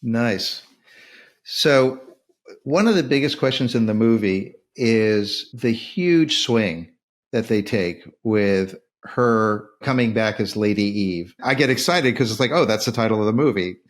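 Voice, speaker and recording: A man's voice: lowish voice, lively intonation, unhurried. A man hosting a casual film discussion podcast, talking with enthusiasm and acting out the quoted lines. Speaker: podcast host.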